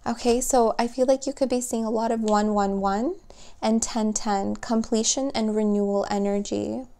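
A woman giving a spoken tarot reading, gentle and emotional, speaking softly and warmly to her viewers. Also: fairly high pitch, steady tone. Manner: slow, soft, gentle and emotional. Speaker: tarot reader.

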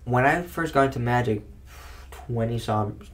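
A male podcast co-host in loose, casual chat, swearing often. He throws himself into mocking quotes in his stories. His voice sits at a middle pitch. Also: moderate pace, a little hiss or hum. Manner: profane, animated, acts out mocking quotes.

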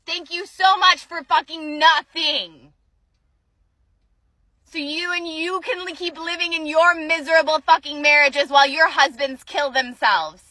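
Angry woman ranting into the camera, really high bright voice, dry close sound. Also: steady tone, a little slow, no room sound. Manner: furious, profane, shouting at times. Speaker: vlogger. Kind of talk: angry personal rant video.

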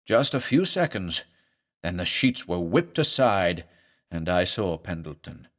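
A man's voice: deep voice, sing-song, a little slow. A man narrating a horror story as a doctor's journal, reading in a grave, dramatic manner.

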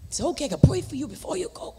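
A Bahamian woman giving a fervent testimony during a church service, swinging between shouted declarations and hushed whispers in a preacherly cadence. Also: high voice, sing-song, rapid-fire, a little hiss or hum. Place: large church sanctuary. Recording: church livestream with long hall reverb.

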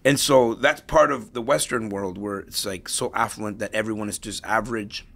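A man's voice: on the low side, fairly even intonation, normal speed, vocal fry, a bit bright. A middle-aged man, a podcast guest, chatting casually and telling anecdotes to make his points, often repeating and restarting words. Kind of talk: casual interview storytelling.

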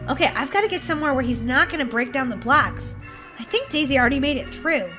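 A woman hosting a playful gameplay commentary, giggly and excitable, shrieking when startled. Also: sits high, fast talker, over music. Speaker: gaming channel host.

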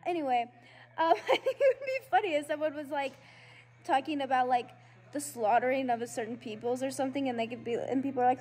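A woman's voice: high voice, brisk, mellow. A woman vlogging to her phone in casual chat, rambling and jokey, laughing often and swearing. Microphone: phone camera.

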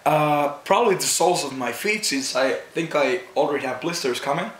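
A hoarse man, a concert-goer, talking casually and hesitantly in an interview right after a show. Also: on the high side, brisk. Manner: hesitant, gropes for words. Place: outdoors at a festival at night. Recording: echoey with loud background noise.

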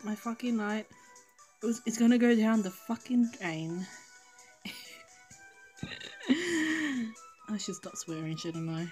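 A woman's voice: mid-range voice, a little mellow. A woman commenting casually on her pulls in a mobile game, pleading, swearing and laughing often. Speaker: gaming streamer.

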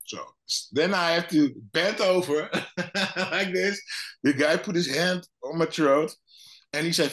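A man's voice: a little high, normal speed. A man, a guest former fighter, telling a story in casual chat with many restarts and acted-out quotes. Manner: animated, acts out other people's lines.

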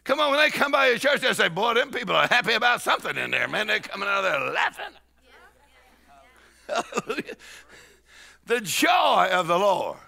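A man's voice: sits high, very animated, fast talker, creaky, few pauses. A middle-aged man preaching a charismatic sermon, exhorting and repeating lines as he builds up. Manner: shouting, exhorting, repetitive call-and-response.

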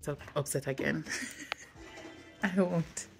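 Her low-pitched, creaky voice moves slowly over music as she tells stories to her phone's front camera in a relaxed lifestyle vlog. The woman has a Jamaican accent and sometimes breaks off to talk to her toddler, recording in the car, outside in the cold, and at home.

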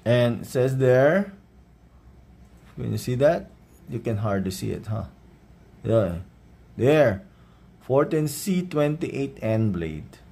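A man with a Filipino accent doing a casual unboxing vlog, showing things off in a relaxed way and often adding a questioning "right?". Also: mid-range voice, takes it slowly, gravelly, long pauses, husky. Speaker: knife reviewer.

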